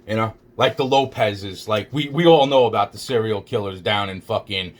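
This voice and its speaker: A man's voice: fairly low pitch, moderate pace. A man telling a rambling first-person story, agitated and full of profanity, repeating himself as he goes. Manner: heavily profane, agitated, repetitive.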